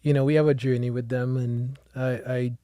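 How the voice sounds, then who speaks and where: A man hosts a podcast interview, speaking in a thoughtful, conversational way and backing up his guest with frequent affirmations. His voice sits at a middle pitch. The recording is close and dry. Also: level tone, brisk, mellow, clear, resonant tone, dry recording. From immigrant of African descent. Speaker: podcast host.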